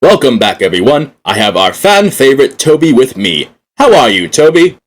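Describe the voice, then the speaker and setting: A man's voice: medium pitch, big pitch swings, moderate pace, a little hiss or hum. A man hosting a scripted fan talk show with an upbeat announcer manner.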